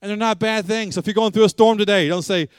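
A man's voice: high-pitched, fairly even intonation, quick pace, clear, resonant tone, no echo. A man preaching a sermon, emphatic and repetitive, asking rhetorical questions.

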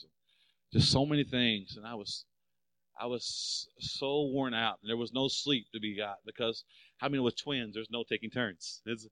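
Middle aged guy preaching, gets loud on the big lines then quiet for the story, crisp bright tone, dry sound. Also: dry recording. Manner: emphatic preaching, swelling louder on key phrases, dropping low for personal story. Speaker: pastor. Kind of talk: sermon.

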